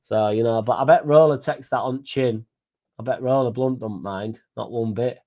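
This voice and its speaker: A man's voice: mid-range voice, normal speed, lo-fi sound. A young man hosting a casual live stream, reading out comments, swearing freely and stumbling over names.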